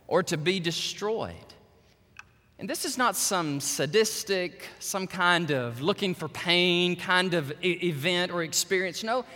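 A pastor preaching a sermon in a church, swinging dramatically between loud high bursts and low hushed passages. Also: male voice, in a large hall.

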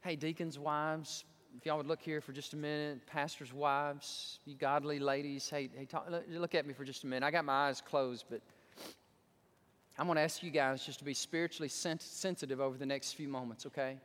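A man preaching a sermon as pastor, telling a story with animated asides and acting out the voices he quotes. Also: a little high, a little fast. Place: church sanctuary. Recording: long church hall reverb.

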